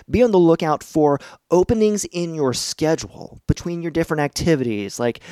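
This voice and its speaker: A man's voice: on the high side, mellow, no room sound, clean studio sound. A middle-aged man hosting a podcast from his home basement, chatty and encouraging, laughing often as he explains things. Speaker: podcast host. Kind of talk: casual instructional podcast talk.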